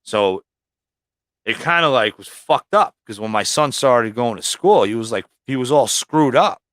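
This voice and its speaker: A man's voice: mid-range voice, lively intonation, unhurried, fairly bright tone, no room sound. Man telling rambling profane stories. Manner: rambling, heavily profane storytelling. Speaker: livestream guest. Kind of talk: casual storytelling.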